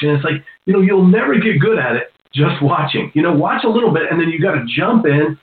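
A man's voice: fairly high pitch, lively intonation, brisk. A middle-aged man, a hypnotist and comedian, telling stories in a rambling, self-deprecating way during a casual interview. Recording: roomy, tinny phone-like sound.

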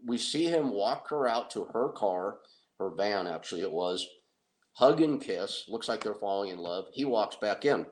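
Middle-aged guy, lowish voice, gets excited telling a story, trips over words. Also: normal speed, poor audio. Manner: excitable, animated, with restarts. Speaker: guest storyteller. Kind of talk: casual anecdote on a talk show.

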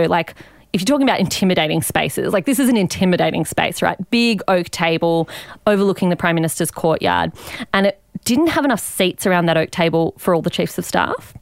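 An Australian woman in her thirties, a podcast guest explaining her points with lively examples. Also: fairly low pitch, no echo, clean studio sound. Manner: articulate, animated explaining with examples. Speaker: guest author and commentator. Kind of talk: podcast interview.

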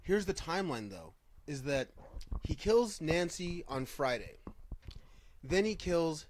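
Skeptical man with a higher voice. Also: lively intonation, slow, slight background noise. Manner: questioning, skeptical, thinks aloud. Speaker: podcast co-host and former wrestler. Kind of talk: casual group discussion.

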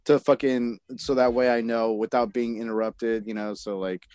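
A man's voice: mid-range voice, steady tone, normal speed, a little mellow, clear, resonant tone, dry recording. A young man co-hosting a podcast in casual chat, laid-back and agreeable, cursing freely. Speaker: podcast co-host.

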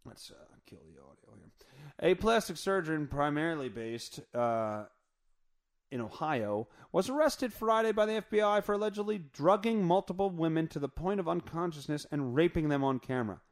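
A man's voice: on the high side, moderate pace. A man hosting a podcast, riffing crudely through a news story in a rambling, profane, off-the-cuff way. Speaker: podcast host. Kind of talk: crude comedic news rant.

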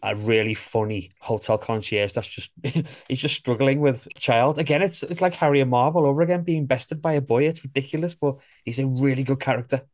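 Animated man telling film stories. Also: medium pitch, a little fast, hardly any pauses, dry recording, studio quality. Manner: animated storyteller, acts out quoted lines. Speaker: podcast host. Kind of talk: casual film chat.

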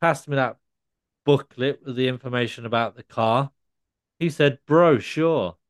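A man as a cheesy male car salesman, smooth voice, corny punchlines, dry close sound. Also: mid-range voice, measured pace, no room sound, close to an everyday voice. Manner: corny punchline delivery, stammering gag voice.

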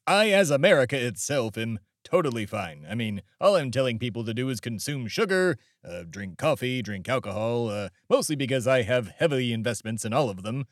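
A man's voice: mid-range voice, big pitch swings, brisk, hardly any pauses, no room sound, studio quality, close to an everyday voice. A man hosting a comedy podcast, playing a pompous, boastful billionaire who speaks as America itself and grows drunk and rambling. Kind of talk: comedic character monologue.

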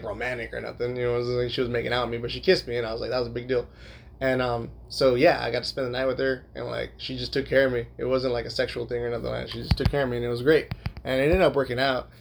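A young man tells a rambling story at a fast clip, piling up fillers and swearing freely. His voice has a gravelly, creaky edge at a middle pitch. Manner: laughs while telling. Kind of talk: casual storytelling.

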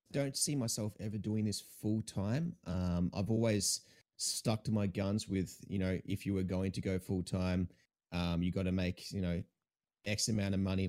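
Upbeat young Australian man, low voice. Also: a little mellow. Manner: laid-back, upbeat, slangy. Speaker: guest streamer. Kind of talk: casual chat.

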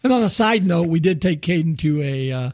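An older man co-hosting a podcast, chatting casually, laughing often and clearing his throat a lot. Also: on the high side, animated, brisk, a little mellow, dry recording. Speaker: podcast co-host. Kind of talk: casual chat.

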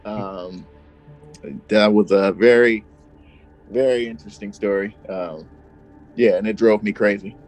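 A man's voice: fairly low pitch, steady tone, unhurried, long pauses, darkish tone, soft background music, low-quality recording. A man co-hosting a true crime podcast, talking in a casual, slangy way and laughing often. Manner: laid-back, laughing, slangy. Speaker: podcast co-host. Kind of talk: casual chat.

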